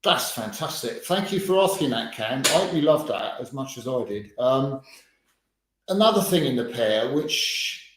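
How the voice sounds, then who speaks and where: A man hosting an interview, speaking slowly and encouraging his guest with short interjections. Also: medium pitch, expressive. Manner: slow, encouraging with brief interjections. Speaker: podcast host. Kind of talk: casual interview. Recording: very echoey room with faint noise.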